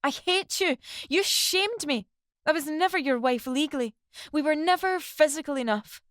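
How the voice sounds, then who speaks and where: A woman voicing a young wife who screams at her husband in a shrill, high voice. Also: animated, moderate pace, fairly bright tone, dry recording, clean studio sound. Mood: screaming. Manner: shrill, screeching, high-pitched.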